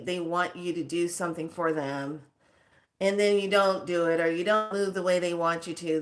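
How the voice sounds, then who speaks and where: A middle-aged woman giving a casual spiritual pep talk as a teacher, speaking frankly and expressively and laughing often. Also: on the low side.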